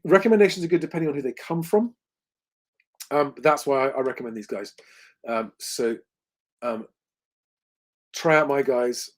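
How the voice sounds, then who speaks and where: A man hosting a livestream Q&A, talking conversationally with lots of ums and restarts. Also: mid-range voice. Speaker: host.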